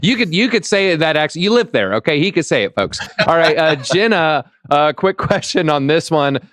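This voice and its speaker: A man hosting a live crypto talk show, upbeat and reading out chat shout-outs. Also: fairly high pitch, lively intonation, brisk, no room sound, clean studio sound. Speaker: show host.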